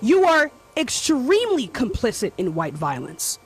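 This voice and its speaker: A woman's voice: fairly high pitch, huge pitch swings, unhurried, slightly rough, soft background music. A woman arguing heatedly in a livestream, piling on sarcastic apologies. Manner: impassioned, sarcastic repeated apologies.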